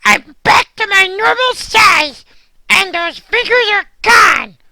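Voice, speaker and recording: A nervous cartoon guard dog, voiced by a woman, with a very high, squeaky voice. Its tone is sharp and bright, and it stammers and repeats itself in a panic. The sound is dry and close, with no room around it. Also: lively intonation, takes it slowly, dry recording, exaggerated voice. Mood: relieved. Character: excitable cartoon guard dog, anxious and jumpy. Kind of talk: children's cartoon voice acting.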